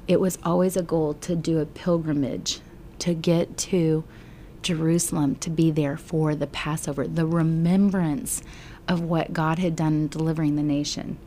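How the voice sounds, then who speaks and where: A middle-aged woman Bible teacher telling a gospel story slowly and earnestly, often sinking into a whisper. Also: fairly low pitch, mellow, a little hiss or hum. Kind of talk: emotional Bible storytelling lesson.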